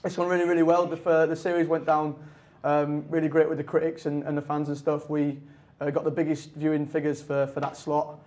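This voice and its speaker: Quick-talking young man. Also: a little high, little pitch movement, darkish tone. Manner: quick, laughing banter with frequent restarts. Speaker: actor guest. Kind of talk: casual chat.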